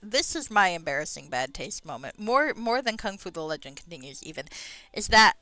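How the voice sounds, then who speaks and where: Chatty, bright-voiced woman streamer. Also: fairly low pitch, big pitch swings, fairly quick. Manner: chatty, tangents, swears, laughs at herself; audible breathing into the mic. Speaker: streamer playing a game. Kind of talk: casual rambling chat. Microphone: close microphone.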